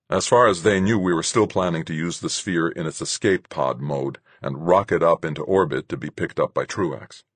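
A man with a husky voice giving a measured first-person audiobook narration. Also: a bass voice, dry recording.

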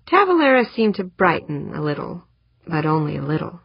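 A woman reads a novel in an even, measured way. Her voice sits low and sounds husky. The recording is dry and a little dull. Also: no room sound. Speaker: audiobook narrator. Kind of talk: scripted narration.

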